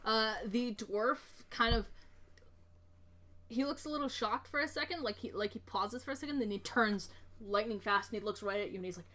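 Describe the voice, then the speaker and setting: A woman's voice: on the high side, normal speed, bright, forceful tone. A woman narrating as game master in a tabletop game, casual and hesitant, with many fillers.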